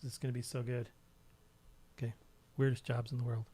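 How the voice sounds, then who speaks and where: A man's voice: medium pitch, level tone, fairly quick, dark tone. A man co-hosting a casual live show from home, joking and rambling, often tripping over his words. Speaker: co-host. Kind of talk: casual chat.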